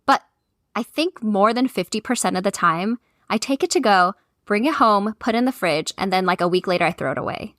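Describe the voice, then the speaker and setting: A woman's voice: medium pitch, lively intonation, fairly quick, a bit bright, dry recording, studio quality. A woman in her thirties co-hosting a podcast, chatting casually, laughing often and peppering her speech with "like.". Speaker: podcast co-host. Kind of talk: casual chat.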